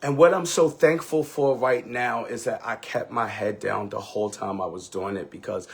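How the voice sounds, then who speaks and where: A man's voice: mid-range voice, normal speed, creaky, slightly rough. A man who is a ballroom house mother, telling an emotional, candid and profane story on a live stream with sassy, dramatic delivery.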